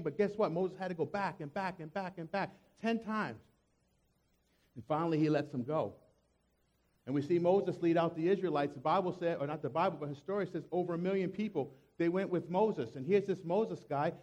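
A man with a high voice preaches a sermon, chatty and playful, punching his points with emphatic little asides. The recording is dull and lo-fi. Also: a little mellow. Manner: conversational and joking, with emphatic asides. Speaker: pastor.

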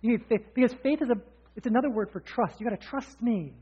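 Guy preaching, lots of energy, chatty and candid, kinda husky, sounds like over a phone. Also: very high voice, expressive, fast talker, highs cut off. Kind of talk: sermon.

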